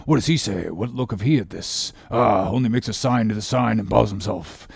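An excitable sailor mate, played by a man keeps up a gossipy, exclamatory commentary. His voice is gravelly with a husky edge, at an ordinary male pitch. The sound is dry and close, as in a studio audiobook. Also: moderate pace, no room sound. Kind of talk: audiobook character reading.

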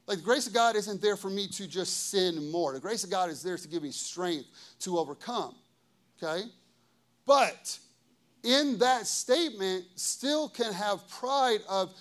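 A man's voice: sits high, fairly bright tone. A male pastor in his thirties preaching a sermon in a conversational way, often checking in with "okay?" and "right?".

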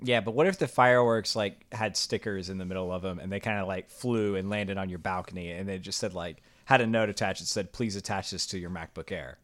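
A man's voice: sits low, brisk, few pauses, a bit bright. A man co-hosting a podcast, riffing playfully on absurd ideas in casual chat. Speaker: podcast co-host.

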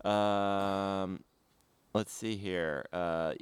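A man's voice: sits low, drawn-out words, clear, resonant tone, no echo. A man co-hosting a podcast, trading jokes in casual, self-deprecating banter. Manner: jokey, animated, self-deprecating. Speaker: podcast co-host.

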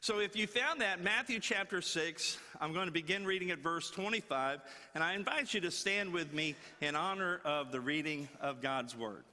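Bright-voiced folksy preacher in a ringing hall. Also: male voice, fairly high pitch, moderate pace, hardly any pauses. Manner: folksy, animated, repeats words for effect. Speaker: guest preacher. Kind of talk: sermon with storytelling. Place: church before a congregation.

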